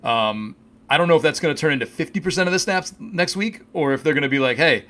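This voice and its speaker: A man's voice: on the high side, lively intonation, fast talker, fairly bright tone. A man co-hosting a casual fantasy football podcast, joking and teasing his partner. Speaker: podcast co-host.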